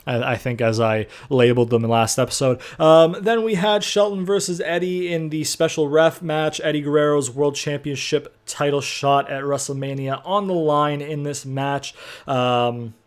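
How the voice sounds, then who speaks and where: A man's voice: fairly high pitch, fairly even intonation, moderate pace, smooth. A young man casually recapping a wrestling game session, rambling with lots of fillers and the odd swear word. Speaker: gaming video host.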